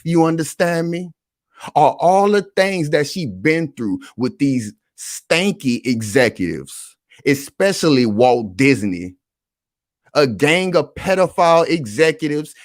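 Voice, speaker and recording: Animated man hosting reaction commentary. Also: on the high side, a little slow, dry recording, studio quality. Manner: animated, repetitive, addresses the audience directly. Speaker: online commentary host.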